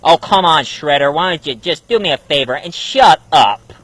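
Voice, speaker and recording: A man hosts a comic review sketch in a lively, animated voice. He speaks a little high and sounds exasperated as he banters. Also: moderate pace, no room sound, rough recording. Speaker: host, reviewer.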